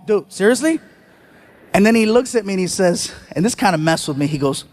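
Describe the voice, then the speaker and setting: A high-pitched man performing stand-up comedy. He tells his stories with animated energy and slips into quick voices for the people he quotes. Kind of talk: stand-up storytelling. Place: comedy stage before a live audience.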